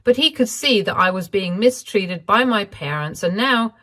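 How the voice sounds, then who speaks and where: A woman reading a first-person story aloud in an even, measured way. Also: medium pitch. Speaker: narrator.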